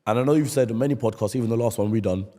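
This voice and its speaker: A man's voice: medium pitch, racing, dark tone, big-room sound. A man hosting a casual podcast conversation, agreeable, and chiming in with short affirmations. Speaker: podcast host.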